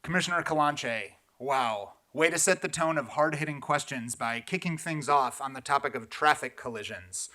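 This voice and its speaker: A man's voice: on the high side, lively intonation, normal speed, hardly any pauses, pushed and bright. A man giving a sarcastic, pointed public comment at a police commission meeting.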